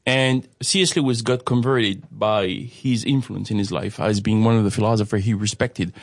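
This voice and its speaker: A man's voice: fairly low pitch, steady tone, moderate pace, creaky, no room sound, studio quality. Man explaining ideas with rhetorical questions. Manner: rambling, many restarts, rhetorical "right?". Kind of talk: conversational religious discussion.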